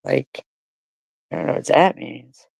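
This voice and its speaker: A female commentary streamer rants about comments she reads aloud, cursing and mocking critics with sarcastic rhetorical questions. Her low voice is expressive, creaky, a little mellow, and breathy at the edges, with a slightly slow pace and no echo.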